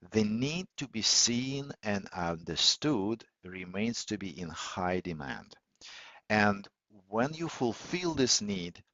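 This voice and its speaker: A man hosting a live online audio session, teaching in a measured way with many fillers and restarts. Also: low voice, a bit bright, no room sound. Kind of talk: teaching talk on listening skills. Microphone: computer or phone mic on a call. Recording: dull, lo-fi audio call, dry.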